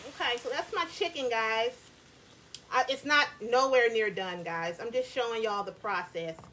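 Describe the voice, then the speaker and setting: High bright-voiced woman chatting while she cooks in her kitchen, keeps asking y'all stuff. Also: normal speed, slight background noise. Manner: chatty, asks viewers questions, says y'all. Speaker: cooking vlogger. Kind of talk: casual cooking chat to viewers. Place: home kitchen.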